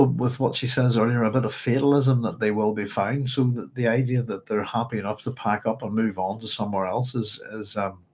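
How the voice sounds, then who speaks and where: A man's voice: fairly low pitch, a little mellow, poor audio. A man hosting a livestreamed book discussion who rambles hesitantly, with many fillers, while speaking with a dry, strained throat. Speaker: book club host.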